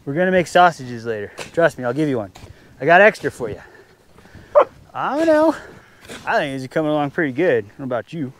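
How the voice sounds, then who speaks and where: With a slightly high, sing-song voice, a camping vlogger speaks fairly quickly and pauses often while out in the snow at his camp spot. Recorded on an action camera, he rambles, jokes to viewers, and talks to his dog. His tone is fairly bright, and there is slight background noise.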